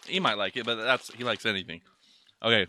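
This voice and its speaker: A man's voice: on the low side, brisk, pushed and bright, a little hiss or hum. A young man co-hosting a casual snack taste-test vlog, loose and profane, with mumbled asides. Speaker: vlog co-host.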